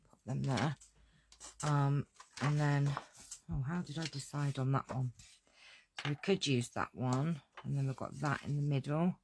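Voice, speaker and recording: A woman's voice: extremely low pitch, steady tone, unhurried, long pauses, a little mellow, a little hiss or hum. A woman teaching a card-making tutorial, chatting to herself and scattered as she works. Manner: chatty, talks to herself while working, scatterbrained. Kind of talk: hands-on craft tutorial.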